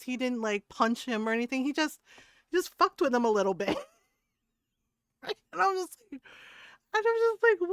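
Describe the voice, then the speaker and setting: Animated, high-voiced woman streamer. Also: no room sound, clean studio sound. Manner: animated storyteller, swears freely, laughs often. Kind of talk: casual chat while gaming.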